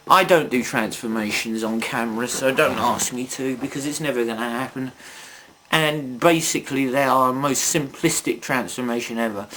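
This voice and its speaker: A man reviewing toys in a casual video, taking his time over every sentence. He rambles through chatty asides and jokes at his own expense, at a middling pitch. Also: a bit bright. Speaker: toy reviewer.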